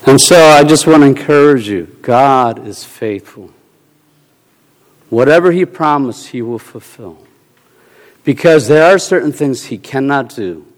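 A man preaching a sermon in an animated, storytelling way, repeating short phrases for emphasis and bursting into loud shouts. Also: mid-range voice, unhurried. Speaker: pastor. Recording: long hall reverb.

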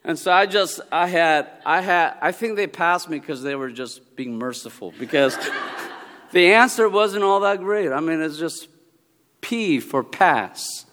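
A man who is a Presbyterian minister, giving a humorous sermon talk with animated storytelling, bursts of exclamation and laughter. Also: a little high, unhurried. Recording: long reverb of a large hall.

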